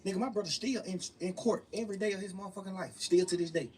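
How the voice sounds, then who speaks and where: With a high, racing, slightly mellow voice, a young man being interviewed tells his story emphatically, swearing and frequently repeating himself. Faint room noise comes through the distant mic.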